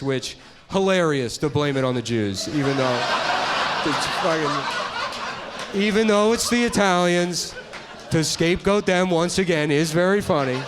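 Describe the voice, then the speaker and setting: A middle-aged man doing stand-up, rambling in a deadpan way and trailing off into mumbles. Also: on the high side. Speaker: comedian. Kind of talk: stand-up comedy bit.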